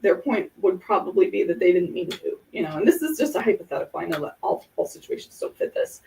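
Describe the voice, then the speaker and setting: A woman's voice: fairly low pitch, expressive, fast talker, gravelly, mellow, distant mic, low-quality recording. A woman hosting a casual podcast, talking through ideas in an earnest, explanatory way with examples. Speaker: podcast host.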